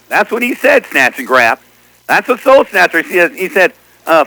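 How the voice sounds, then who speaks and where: A man's voice: sits high, very animated, moderate pace, sharp tone, no echo, low-quality recording. A man chatting casually as a CB radio operator, teasing others and repeating what they said on air.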